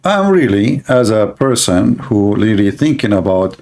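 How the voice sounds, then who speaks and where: A man's voice: fairly low pitch, very animated, measured pace, vocal fry, a little mellow. A man giving mocking commentary on religious texts, sarcastic and laughing at his own jokes.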